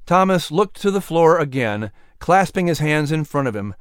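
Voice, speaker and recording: Expressive male storyteller, dry close sound. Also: a little high, normal speed, hardly any pauses, clean tone, dry recording. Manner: expressive, lively. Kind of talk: scripted narration.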